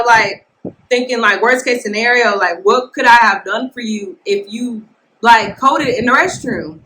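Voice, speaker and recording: A woman hosting a casual podcast, telling a work story in a blunt, animated way and talking straight to her listeners. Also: a little high, unhurried, a little hiss or hum, rough recording. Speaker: nurse podcast host. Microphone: podcast mic, filmed for video.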